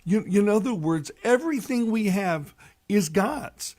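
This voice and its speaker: A priest giving a folksy, earnest radio reflection and telling a story, with many "you know" asides. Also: male voice, high-pitched, lively intonation, unhurried, darkish tone.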